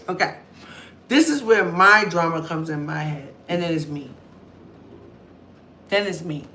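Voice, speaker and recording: A young woman vlogger, chatting loudly and telling stories straight to camera. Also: fairly low pitch, unhurried, pauses often, a little hiss or hum. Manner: loud, chatty storyteller. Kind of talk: casual talk to camera.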